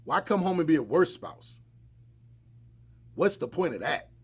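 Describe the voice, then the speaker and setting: A man's voice: on the high side, a little slow, slightly rough. A man hosting a live podcast, chatting casually and bluntly with joking asides. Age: adult, married. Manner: blunt, joking, animated storytelling. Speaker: podcast host.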